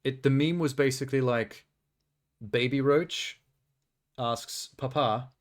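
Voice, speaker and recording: A man's voice: mid-range voice, takes it slowly. A man streaming a video game, chatting casually and rambling through asides with a self-deprecating humor. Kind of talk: casual live-stream commentary.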